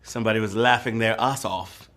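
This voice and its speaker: A man's voice: lowish voice, steady tone, a little fast, fairly bright tone. A man hosting a live trivia game show, joking playfully and breaking into whoops and sung bits.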